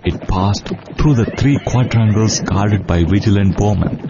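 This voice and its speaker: A man narrating an epic tale in a measured, solemn, steady manner. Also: lowish voice. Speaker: storyteller. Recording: dull lo-fi audio. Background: faint sitar music.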